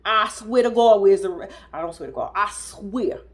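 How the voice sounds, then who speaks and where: A young adult woman giving casual, profane reaction commentary on a TV episode, incredulous and animated, often mimicking people in high squeals. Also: normal speed. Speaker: reality TV commentator.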